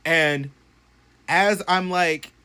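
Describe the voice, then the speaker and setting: A young man casually telling a story to his phone camera at home, animated and profane, swinging from loud bursts to hushed asides. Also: fairly high pitch, very slow, smooth. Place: bedroom at home.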